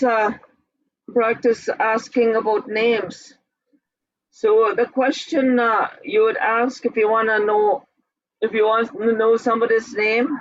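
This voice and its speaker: A woman teaches at an unhurried, deliberate pace, sounding out each syllable and repeating it for her students. Her voice is dry and close, with dull, lo-fi call audio. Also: on the high side, no room sound. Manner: breaks words into syllables and repeats them slowly. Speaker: language teacher. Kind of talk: slow, patient classroom instruction.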